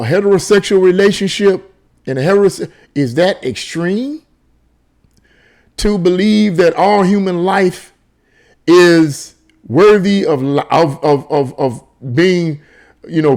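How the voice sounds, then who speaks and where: A man's voice: high voice, unhurried, darkish tone. A man reading a news article aloud and breaking off into sarcastic commentary, often restarting and repeating words. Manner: reads aloud, then breaks off into sarcastic, repetitive asides; frequent restarts and stammered repeats.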